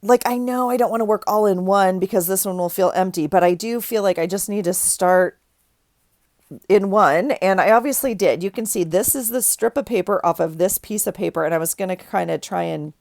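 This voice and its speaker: A woman's voice: medium pitch, a little fast, gravelly, a little mellow, no room sound, clean studio sound. A middle-aged woman with a stuffy nose from crying, chatting casually through a craft tutorial, rambling with frequent restarts. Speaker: crafting vlogger.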